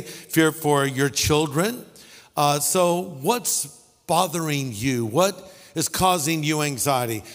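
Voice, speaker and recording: High-voiced pastor joking through a sermon. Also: male voice, big-room sound. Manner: storytelling with jokes and asides. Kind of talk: humorous sermon.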